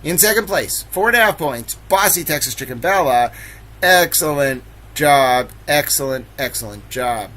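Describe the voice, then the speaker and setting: Bright-voiced playful man hosting trivia. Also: on the high side, lively intonation, moderate pace, poor audio. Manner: playful, mock-outraged, theatrical. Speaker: livestream host running trivia. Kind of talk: casual livestream chat.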